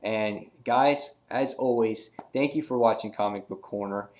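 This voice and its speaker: A man hosting a casual comic book review video, talking loosely with many fillers and reading out the characters' lines in a raised voice. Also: unhurried. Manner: relaxed and rambling, many fillers, acts out quoted lines in a higher voice.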